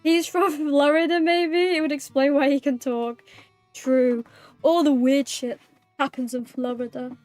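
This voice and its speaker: A young British woman streaming live, chatting casually with her viewers and reading their messages, bubbly, giggly and quick to apologize. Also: high voice, fairly even intonation, a little mellow, dry recording, soft background music.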